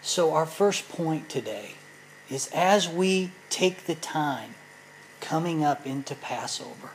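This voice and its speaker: A woman's voice: low-pitched, animated, slow, slight background noise, rough recording. A woman teaching a sermon in an earnest, explanatory way, speaking directly to her listeners. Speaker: Bible teacher.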